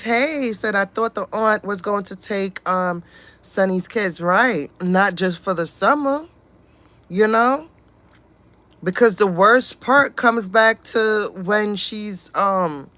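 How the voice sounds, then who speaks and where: A woman's voice: mid-range voice, slow, a bit bright, no room sound. A woman hosting a casual livestream, reading chat comments aloud and giving outspoken, exasperated commentary with frequent swearing.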